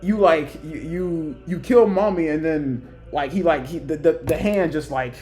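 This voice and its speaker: Rambling young man, animated rant. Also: measured pace, faint music behind. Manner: animated, rambling, acts out quoted lines in higher voices. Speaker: YouTuber ranking characters. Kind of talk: casual ranting commentary.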